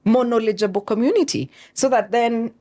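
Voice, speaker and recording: Animated woman telling her story. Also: a little high, moderate pace. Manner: animated storytelling with frequent fillers and quoted asides. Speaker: guest, show founder. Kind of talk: conversational interview.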